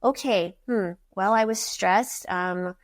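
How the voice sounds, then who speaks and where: A woman physician telling patient stories in a casual podcast conversation, lively as she acts out quoted voices. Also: mid-range voice, slow, no echo. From United States. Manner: animated storyteller, acting out quoted patients. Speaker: physician guest.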